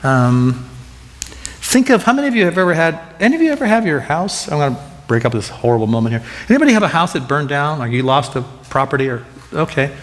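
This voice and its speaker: Excitable high-voiced preacher in a reverberant hall. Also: male voice, quick pace. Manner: animated, conversational preaching with many restarts. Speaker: pastor. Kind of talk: sermon.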